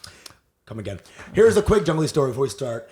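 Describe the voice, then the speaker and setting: A man's voice: mid-range voice, very animated, quick pace, dark tone. A man co-hosting a comedy podcast, telling crude stories in casual banter and laughing often. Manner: crude, joking storyteller who laughs often. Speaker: podcast co-host.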